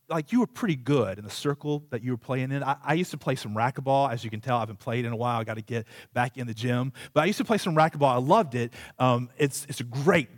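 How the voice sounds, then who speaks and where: A man's voice: mid-range voice, no room sound, studio quality. A man preaching a sermon as pastor, telling a humorous, self-deprecating story in a conversational, rambling way with many asides. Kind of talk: sermon with a personal anecdote.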